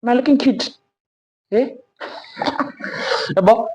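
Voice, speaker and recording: A young South African woman telling a personal story in a sit-down vlog, animated and sprinkling in Zulu slang. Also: on the high side, takes it slowly, a little hiss or hum, low-quality recording. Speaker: vlogger.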